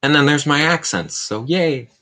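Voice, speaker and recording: A man's voice: a little high, lively intonation, normal speed, sharp tone. A man hosting a casual Q&A livestream, rambling and cracking self-mocking jokes. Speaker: livestream host. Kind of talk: casual Q&A stream chat.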